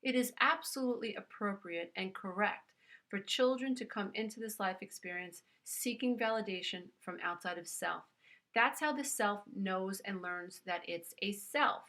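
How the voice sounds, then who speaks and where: A woman's medium-pitched voice, bright and forceful at normal speed, carries a New York accent. As a self-help speaker she gives an earnest, emphatic motivational talk directly to her listener, addressing them as "dear one."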